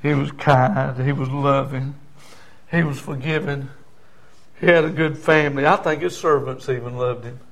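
A man's voice: mid-range voice, fairly even intonation, normal speed, vocal fry, fairly bright tone. A middle-aged man preaching a fervent sermon and calling the congregation for amens. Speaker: pastor.

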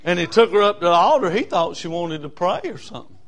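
A man, telling a story in a sermon in a folksy, animated way, with bursts of whooping. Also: sits high, fast talker. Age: 60s.

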